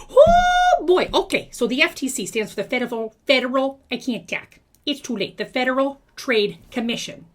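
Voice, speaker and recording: A woman putting on a bossy older former schoolteacher, blunt and folksy, who lectures and scolds her viewers in a comic monologue. Her voice sits fairly high and swoops up and down with lively, animated inflection. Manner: scolding, chatty, talks straight to viewers. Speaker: video creator. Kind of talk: comedic character monologue.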